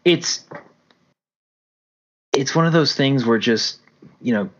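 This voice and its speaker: A man's voice: medium pitch, slow pace. A man co-hosting a casual podcast, telling long rambling stories and correcting himself as he goes. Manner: rambling, self-correcting storyteller. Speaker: podcast co-host. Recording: dull lo-fi sound.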